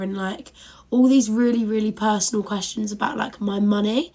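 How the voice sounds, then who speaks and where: A young woman and social media creator, telling a get-ready-with-me story in a relaxed, reflective way. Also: medium pitch, normal speed, low-quality recording.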